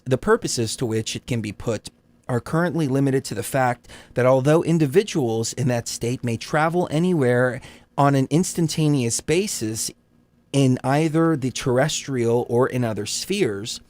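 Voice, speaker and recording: A man's voice: mid-range voice, animated, measured pace, darkish tone, no room sound. Guy cohosting a live stream, laughs a lot, swears, reads a doc aloud stumbling. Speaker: livestream co-host. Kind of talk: casual live-stream chat and document reading.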